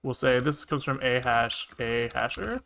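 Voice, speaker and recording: A man's voice: medium pitch, animated, a little slow, gravelly, fairly bright tone. A man live-streaming his programming, thinking aloud and muttering to himself with casual swearing, keyboard clicks behind him. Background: keyboard typing and clicking.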